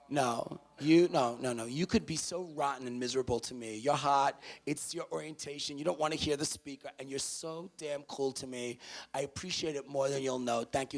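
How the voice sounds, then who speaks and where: A man from the Bronx, giving an animated motivational talk to students in a university auditorium, swinging from hushed to loud. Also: medium pitch, moderate pace. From the Bronx, New York. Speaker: motivational speaker.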